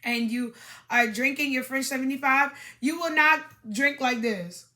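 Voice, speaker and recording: A woman's voice: sits high, measured pace, bright, forceful tone. A woman hosting a podcast, giving dating advice in an emphatic, repetitive coaching monologue with demonstrations.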